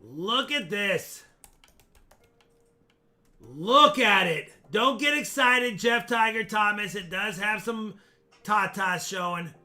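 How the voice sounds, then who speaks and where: A man hosting a live coin auction stream, chatty and excitable, joking as he shows coins. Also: sits high, slow, long pauses, soft background music. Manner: chatty, excitable, jokes while showing coins. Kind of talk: casual live auction chat.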